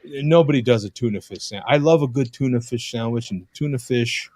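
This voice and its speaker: A man hosting a casual live-stream chat over a video call, animated, laughing often and cursing casually. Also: mid-range voice, fairly quick, no room sound, clean studio sound. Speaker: host.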